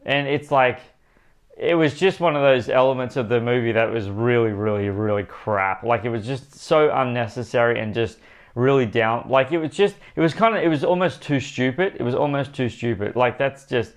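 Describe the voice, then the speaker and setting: A man's voice: medium pitch, clear, resonant tone. A man giving a casual spoken movie review for his channel, rambling and emphatic, repeating himself and talking straight to his viewers.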